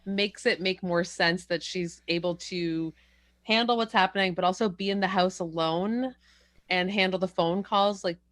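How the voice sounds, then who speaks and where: A woman's voice: on the low side, moderate pace, no echo. A woman co-hosting a podcast in casual movie chat, frank and blunt, swearing casually. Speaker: podcast co-host.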